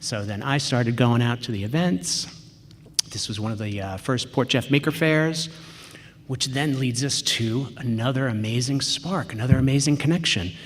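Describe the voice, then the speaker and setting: A man speaks to an audience from a large auditorium, his voice a little husky and middle-pitched. He tells his story in a chatty, personal way, full of ums and acted-out asides, and the hall's long reverb trails after each phrase. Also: moderate pace. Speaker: conference speaker. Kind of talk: storytelling conference talk.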